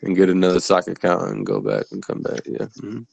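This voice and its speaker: A man's voice: low voice, flat delivery, fairly quick, gravelly, darkish tone, dry recording, highs cut off. A man co-hosting an online talk show in casual chat, mocking critics and bantering. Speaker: co-host.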